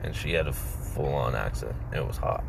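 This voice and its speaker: A man's voice: rumbling low, moderate pace, creaky, a little hiss or hum. A man co-hosting a podcast in laid-back, casual banter.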